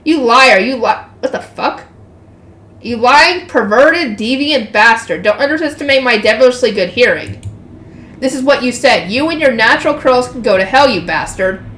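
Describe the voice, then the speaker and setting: A woman's voice: on the high side, expressive. A woman reading the part of a brash, boastful young male adventurer who picks fights and throws insults. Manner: loud, picky, quick to insult. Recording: echoey room.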